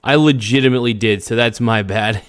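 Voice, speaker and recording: A man's voice: medium pitch, brisk, no room sound, clean studio sound. A man hosting a casual livestream, reading viewer comments aloud and answering them in a rambling, blunt way. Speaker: livestream host.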